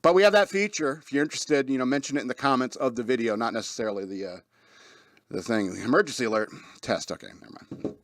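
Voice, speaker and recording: A man's voice: medium pitch, quick pace, dry recording. A man hosting a casual radio talk show, rambling with frequent laughs and restarts. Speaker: host.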